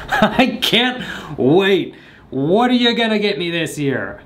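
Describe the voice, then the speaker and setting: Young guy vlogger with a lively, bouncing voice, goofy and jokey, faint room hum behind. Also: high voice, takes it slowly. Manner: goofy, joking, talks to the camera. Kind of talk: rambling comedic monologue.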